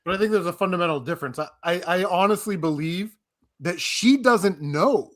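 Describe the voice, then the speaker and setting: A man co-hosting a podcast in an easygoing, agreeable way, chuckling between points. His voice sits somewhat high for a man. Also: expressive, normal speed, fairly bright tone. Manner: laid-back, agreeable, chuckling. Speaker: podcast co-host. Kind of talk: casual podcast chat.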